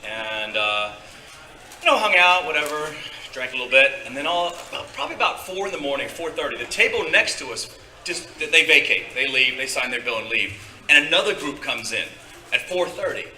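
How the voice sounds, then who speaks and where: A male storyteller guest performs live on a convention stage, his medium-pitched voice tense and bright, with big pitch swings and a fairly quick pace. He rambles and hesitates, using many fillers. A distant mic in an echoey hall makes him sound far away before the audience.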